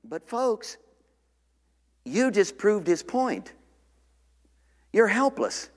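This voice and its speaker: An animated pastor preaches, his unusually high voice swinging widely and climbing into shouts for emphasis. Long reverb from the church hall hangs on his words. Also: very slow. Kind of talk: sermon.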